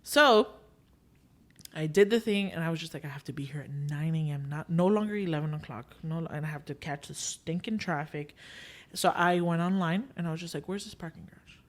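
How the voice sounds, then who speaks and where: A young woman hosts a podcast in a low, slightly fast voice, chatting her way through a story. She dramatizes the quoted dialogue with liveliness and weaves in Spanish filler expressions.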